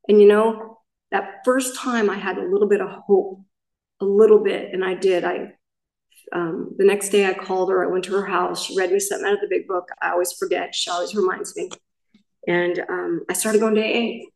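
A woman's voice: medium pitch, flat delivery, normal speed, creaky, darkish tone, roomy sound, distant mic, poor audio. A middle-aged woman from Southern California gives a personal recovery share as main speaker at a meeting, talking in a candid, rambling way and correcting herself as she goes.

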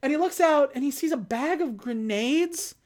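A woman's voice: high voice, moderate pace. Woman animatedly recapping a film. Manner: animated storyteller, acts out characters' lines. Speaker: podcast co-host recapping a film. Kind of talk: casual chat.

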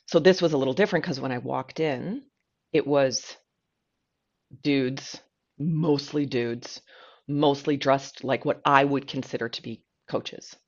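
A woman co-hosting a podcast, telling a story in a chatty, animated way with plenty of fillers. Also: a bass voice, measured pace. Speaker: podcast co-host. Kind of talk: casual storytelling chat. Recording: dull lo-fi podcast audio.

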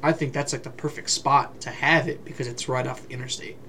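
A man's voice: medium pitch, fairly even intonation, brisk, pushed and bright, a little hiss or hum. A man in casual conversation who swears freely and acts out the people in his stories. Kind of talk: casual chat.

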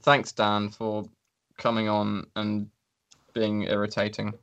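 A man's voice: lowish voice, completely flat delivery, slow pace, fairly bright tone, lo-fi sound. A man co-hosting a podcast, chatting casually in a sweary, self-mocking, rambling way. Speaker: podcast co-host. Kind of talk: casual chat.

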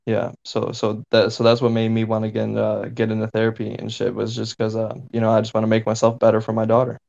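A man's voice: lowish voice, monotone, fast, creaky, a little mellow. A man hosting a podcast in casual chat, laid-back, swearing casually and filling with "you know". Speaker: podcast host. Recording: dull lo-fi sound.

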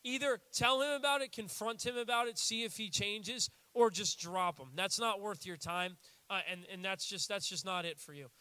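High-voiced, bright young preacher. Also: male voice, moderate pace, clean tone, no echo. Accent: American. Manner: casual, animated preaching with acted-out quotes. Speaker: pastor. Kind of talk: sermon.

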